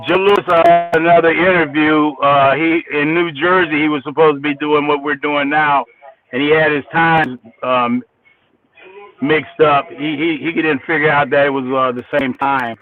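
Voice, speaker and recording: A musician man telling stories in a casual interview, animated and repeating his words as he builds them up. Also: fairly high pitch, moderate pace, faint music behind. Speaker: musician guest. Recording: tinny phone line.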